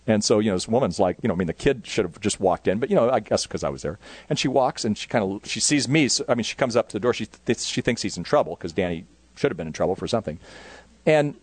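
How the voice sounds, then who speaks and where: A man's voice: fairly low pitch, animated, quick pace, dry recording. A man speaking casually to youth workers at a conference, rambling with lots of fillers.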